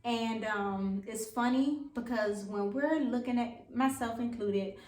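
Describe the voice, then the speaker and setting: A woman with a fairly high, slightly mellow voice speaks slowly in a vlog about buying her first home. She gives casual, chatty advice with a self-deprecating touch, recorded in an echoey room with the mic at a distance.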